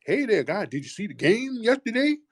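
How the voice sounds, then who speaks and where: A man's voice: big pitch swings, a little fast, exaggerated voice. A man putting on an overeager grinning office coworker. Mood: mocking. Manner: high, bouncy, chummy small talk.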